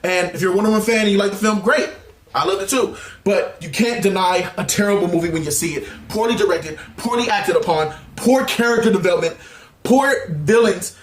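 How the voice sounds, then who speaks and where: A man giving a heated, exasperated movie review rant, laughing often and bursting into shouts. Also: sits high, fast, echoey room. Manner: animated, exasperated ranting with frequent laughs and sudden shouts.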